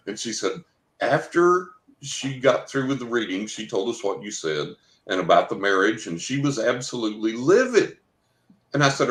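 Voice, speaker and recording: A man's voice: mid-range voice, lively intonation, normal speed, a bit bright. A man who works as a psychic, telling a long story on a podcast and quoting the people in it. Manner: anecdotal, quotes others in dialogue. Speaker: psychic guest. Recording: roomy echo.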